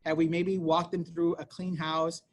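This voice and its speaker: A man presenting a parent workshop over a video call, speaking quickly and conversationally with many fillers and tag questions. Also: a little high, flat delivery, slight background noise. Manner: talks fast, conversational, many fillers and "right?".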